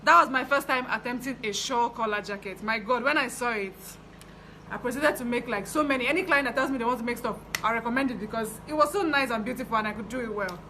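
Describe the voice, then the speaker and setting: A young Nigerian woman telling a story from her fashion business in a chatty, animated way. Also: on the high side, fast, a little hiss or hum, low-quality recording. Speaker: fashion designer vlogger. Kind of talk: casual storytelling.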